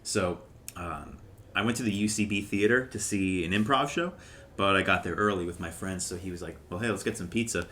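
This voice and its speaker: A young man and podcast co-host telling a story casually, animated and often laughing. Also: low-pitched, moderate pace, a little hiss or hum.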